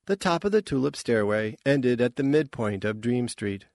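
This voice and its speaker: A man reading a science fiction audiobook in a measured, even storytelling manner. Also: mid-range voice, creaky, no echo, studio quality. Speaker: audiobook narrator. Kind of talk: scripted narration.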